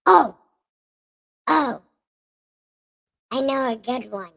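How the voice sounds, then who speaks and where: Woman livestream host, high voice, slow unhurried delivery, joking, casual chat. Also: gravelly, a bit bright. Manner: joking, laughs often.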